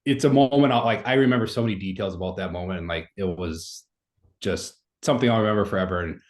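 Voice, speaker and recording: Soft-spoken man telling a story. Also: sits low, quick pace. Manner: rambling, many fillers like "like" and "you know". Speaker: podcast guest. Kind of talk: casual conversational storytelling.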